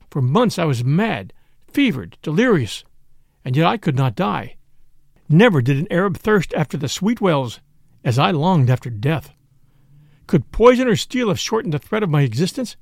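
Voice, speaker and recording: A man narrating a dark tale in the first person, grave and impassioned. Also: fairly high pitch, creaky, dry recording, studio quality. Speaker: audiobook narrator.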